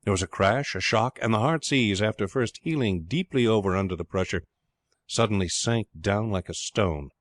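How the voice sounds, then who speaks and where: A man narrating an adventure novel with a steady, measured reading. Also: lowish voice, dry recording. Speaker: audiobook narrator. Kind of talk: scripted narration.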